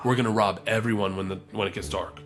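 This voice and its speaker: A man's voice: fairly low pitch, fairly even intonation, fast talker, soft background music, pitched below the performer's own voice, close to an everyday voice. A man playing a drunk swaggering mobster. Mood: menacing. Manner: boastful, protective. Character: drunk swaggering male Russian train mobster.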